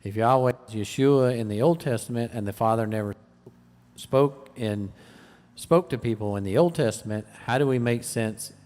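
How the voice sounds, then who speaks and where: A man reading listener questions aloud in a halting way, with fillers. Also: medium pitch, a little mellow, big-room sound. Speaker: question reader.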